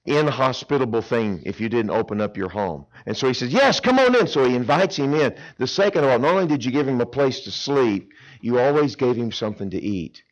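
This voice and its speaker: A male preacher giving a sermon, telling a Bible story in an animated, folksy way with humor. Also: mid-range voice, brisk, dull audio.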